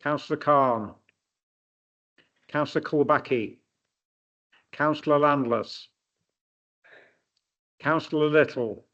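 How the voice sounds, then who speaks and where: A man calling a roll call of names at a council meeting, reading them in a flat, list-like way. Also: medium pitch. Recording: dull, lo-fi chamber audio.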